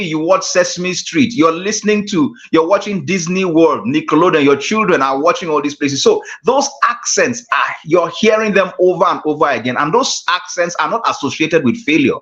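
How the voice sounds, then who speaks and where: A man's voice: on the high side, a bit bright. Man lecturing on a lo-fi call. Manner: emphatic, repeats key phrases. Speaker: guest speaker on communication. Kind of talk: lecture in an online class. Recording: dull lo-fi call audio.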